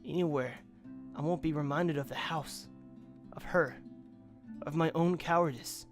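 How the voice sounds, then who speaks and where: A man's voice: a little high, measured pace, pauses often, over music. A young man hosting a let's play, reading a visual novel's narration aloud and chatting casually, swearing freely.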